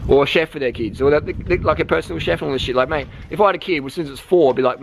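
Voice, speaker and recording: A man's voice: fairly high pitch, very fast, vocal fry, a little hiss or hum, rough recording. An Australian man vlogging outdoors from a vehicle, delivering a blunt, profane motivational rant. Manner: blunt, sweary, emphatic.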